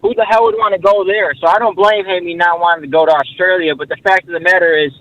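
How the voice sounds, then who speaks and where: A man's voice: sits high, steady tone, fast talker, a bit bright. A man calling into a show, ranting bluntly and mocking other people in a put-on voice. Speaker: caller. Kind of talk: ranting phone call. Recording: muffled phone line.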